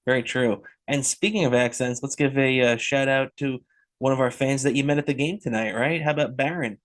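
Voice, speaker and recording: A man's voice: mid-range voice, fairly even intonation, brisk, no echo. Male co-host, casual chat, brief agreeing replies, moves things along; dry close sound. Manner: short agreeing replies, steers the conversation to the next topic. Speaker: podcast co-host.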